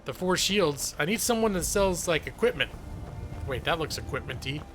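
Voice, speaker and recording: Male streamer, talkative and self-mocking, voice sits a bit high, soft music underneath. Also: expressive, moderate pace. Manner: chatty, joking, self-deprecating. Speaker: gaming streamer. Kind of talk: live gameplay commentary.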